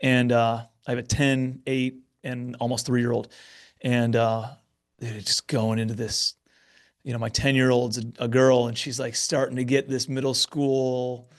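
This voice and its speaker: A man's voice: medium pitch, little pitch movement, measured pace. A man in his thirties hosting a podcast, chatting in an encouraging way about his young kids. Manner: warm encouraging, lots of affirmations. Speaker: podcast host. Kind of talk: conversational interview.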